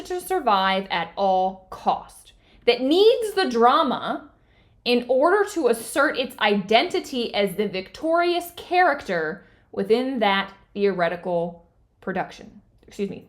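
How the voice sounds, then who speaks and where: A woman's voice: on the high side, a bit bright. A woman hosting a book club discussion in a conversational way, reading passages aloud and often checking in with her listeners.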